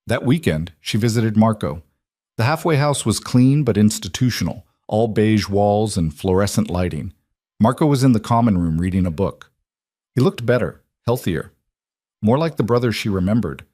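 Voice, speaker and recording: A man with a fairly low voice reads a dramatic love story aloud in a steady, even way. The sound is dry and close, with no room around it. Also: normal speed, no room sound. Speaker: narrator. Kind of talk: scripted story narration.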